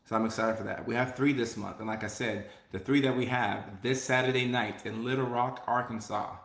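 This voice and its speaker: A man's voice: medium pitch, steady tone, a little fast, fairly bright tone, echoey room. A man hosting a live stream, chatting casually and reading viewer comments, upbeat and prone to repeating himself. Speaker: host.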